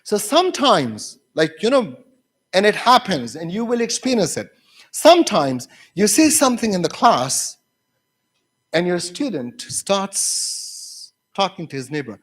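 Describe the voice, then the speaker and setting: Speaking to university teachers, a man tells classroom stories full of fillers and restarts, acting out his students' voices whenever he quotes them. His voice is high-pitched, husky, very animated, and a little slow.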